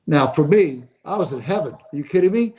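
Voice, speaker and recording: A man in his seventies, a sports agent guest, telling stories with animated energy and frequent laughter. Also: a little high, fairly quick, low-quality recording. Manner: animated, laughs through anecdotes. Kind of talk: casual storytelling.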